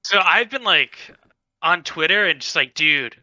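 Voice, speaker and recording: A man ranting in an animated, exasperated way during a casual podcast chat. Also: on the high side, unhurried, no room sound, highs cut off.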